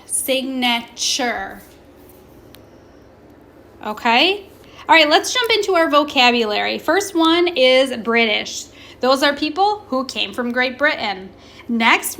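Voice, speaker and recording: A woman teaching a recorded class, slowly modelling pronunciation and asking questions. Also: high voice, sharp tone. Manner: slow, deliberate, stretches words to model pronunciation; asks questions and pauses for students. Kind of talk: recorded remote classroom lesson.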